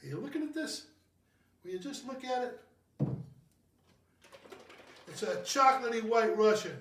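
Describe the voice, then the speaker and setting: This cocktail show host's voice is very high-pitched and expressive, at a measured pace, caught off-mic in a roomy home kitchen with background noise. He jokes about himself and rambles casually while making a drink.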